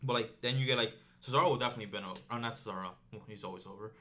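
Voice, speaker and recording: A man co-hosting a casual chat podcast with a bright, forceful tone. He argues his points emphatically and keeps saying "like" as he builds his case. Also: on the low side, rapid-fire. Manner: animated, emphatic, lots of "like". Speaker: podcast co-host.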